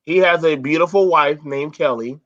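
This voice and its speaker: A man's voice: on the high side, moderate pace, a bit bright. A man hosting a casual online panel, talking bluntly and profanely with lots of animation. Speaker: host. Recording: dull lo-fi sound.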